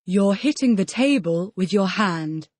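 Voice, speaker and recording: A woman's voice: mid-range voice, animated, measured pace, darkish tone, no room sound, clean studio sound. A woman reading the model answers in a scripted audio language lesson, repeating each question as a full-sentence answer. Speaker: model student answering drills.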